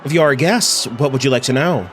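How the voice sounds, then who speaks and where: A man's voice: medium pitch, fast, faint music behind, natural voice. A man reading a sly, polished journalist. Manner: polished, teasing, theatrical. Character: smooth, sly investigative journalist.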